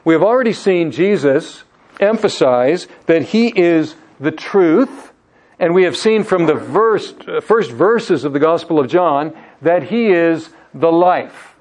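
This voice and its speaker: Brief: male pastor, slightly higher voice, measured sermon delivery, slows down on key words. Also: animated, darkish tone.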